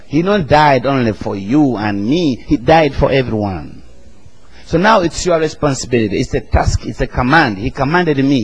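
A man's voice: medium pitch, a little mellow, slightly rough, rough recording. A man, preaching an emphatic sermon and calling the congregation to answer back. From Uganda. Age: 40s.

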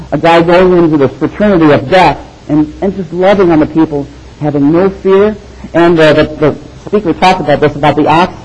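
A man preaching a sermon, animated and storytelling, with quick asides. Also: fairly high pitch, slightly rough, lo-fi sound. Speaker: pastor.

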